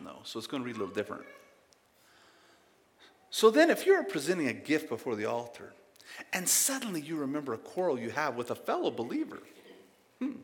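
Animated preacher in a reverberant hall. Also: male voice, on the high side. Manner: animated and emphatic, swings between loud bursts and soft asides, repeats words. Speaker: pastor. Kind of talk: sermon.

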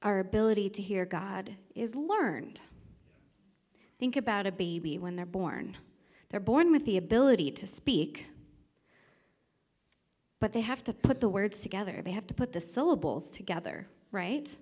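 A woman co-leading a sermon, teaching its points and telling playful stories about her young daughter. Her voice sits at an everyday pitch for a woman. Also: lively intonation, normal speed, long pauses, a little mellow. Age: adult parent. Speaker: co-speaker in sermon, reading points.

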